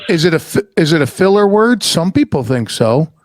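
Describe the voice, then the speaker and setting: Animated swearing dad storyteller. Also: male voice, fairly high pitch, fairly quick, a little hiss or hum. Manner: animated storyteller, swears freely, laughs often. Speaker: podcast host. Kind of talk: casual chat.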